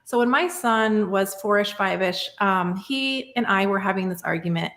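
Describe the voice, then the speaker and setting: A woman's voice: mid-range voice, normal speed, a bit bright, echoey room. A woman in her thirties, a podcast guest talking through a personal story in a reflective, casual way, often saying "like" and "right?". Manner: reflective, many fillers like "like" and "right?".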